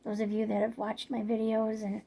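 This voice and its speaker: A middle-aged woman vlogging about her neighbors, her voice a little hoarse, rambling along with lots of filler words. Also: fairly high pitch, monotone, brisk, dark tone. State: slightly hoarse from yelling. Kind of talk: casual storytelling vlog.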